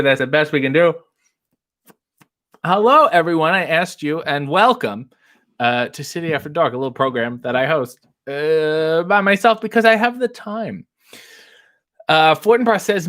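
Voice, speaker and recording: A man's voice: fairly high pitch, a bit bright. A man hosting his own livestream alone, casually chatting and reading out viewer comments in a playful, theatrical way at a home setup with a desk microphone. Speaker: livestream host. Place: home set with ring light.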